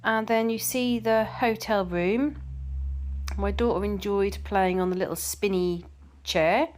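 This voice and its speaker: Chatty middle-aged Englishwoman, casual vlogger, mid pitch, rambling anecdotes. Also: a little slow. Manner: chatty, repeats words, tells anecdotes. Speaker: vlogger reading viewer comments. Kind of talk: casual chat.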